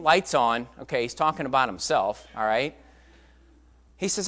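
A male preacher delivers a sermon in a conversational, storytelling way. His pitch swings widely as he drives his points home. The delivery is emphatic and direct. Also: animated, moderate pace, bright, forceful tone.

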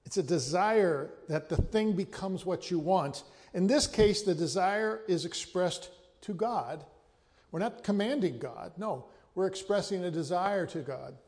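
A man's voice: high-pitched, a little mellow, in a large hall. A man preaching a sermon, teaching carefully and often restarting or repeating a word before going on. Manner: measured teaching, with frequent restarts and repeated words. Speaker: pastor.

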